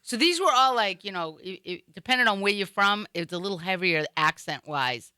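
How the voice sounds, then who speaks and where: A woman's voice: mid-range voice, smooth, dry recording, clean studio sound. A woman from Boston with a Boston accent, telling stories in casual chat and acting out other people's lines. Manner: animated storyteller, acts out others in quick quoted voices. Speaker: guest. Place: studio.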